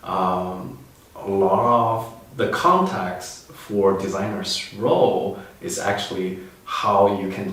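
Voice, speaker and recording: A man hosting an interview, mostly giving short agreements and sometimes adding his own earnest remarks. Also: deep voice. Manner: brief backchannel agreement, then earnest remarks. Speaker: host. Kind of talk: interview chat. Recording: very echoey room, distant mic.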